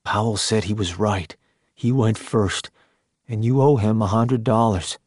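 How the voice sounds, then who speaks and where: A man voicing a calm older soldier who speaks in a quiet, insistent way in an audiobook. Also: fairly low pitch, unhurried, no echo, clean studio sound.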